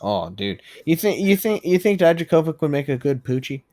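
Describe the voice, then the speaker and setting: A man co-hosting a podcast, chatting casually and profanely about wrestling, laughing and riffing on jokes. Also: fairly high pitch. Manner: excitable, profane, quick to laugh and riff. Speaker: podcast co-host. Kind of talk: casual wrestling recap chat.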